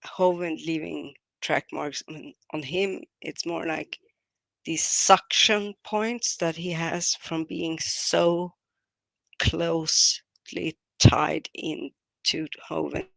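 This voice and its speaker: A woman's voice: low voice, fairly even intonation, slow pace, vocal fry, a bit bright, no echo. A woman in casual chat, wry and joking, laughing often. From Sweden.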